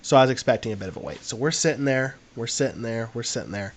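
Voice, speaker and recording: A man's voice: mid-range voice, quick pace. A young man, co-hosting a podcast and telling a long, rambling anecdote in casual chat, full of fillers. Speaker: podcast co-host.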